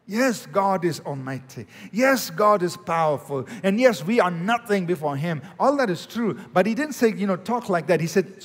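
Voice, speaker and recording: A man with a fairly high voice preaching in a sermon, moving from ringing declarations down to soft, prayerful murmurs. He voices sample prayers as though praying them himself. A long reverb trails each phrase, as in a large church hall. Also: lively intonation, moderate pace, few pauses. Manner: swings between loud declaring and hushed prayerful tones; acts out sample prayers in his own voice. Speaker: pastor.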